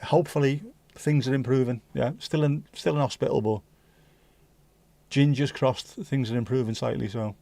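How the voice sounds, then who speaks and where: Guy hosting a live chat stream, joking with viewers, bit of fry in his voice, dry sound. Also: mid-range voice, steady tone, moderate pace, dark tone, no room sound. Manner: jokey banter with viewers, drops into Dutch and Spanish. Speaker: livestream host. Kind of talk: casual chat reading viewer comments.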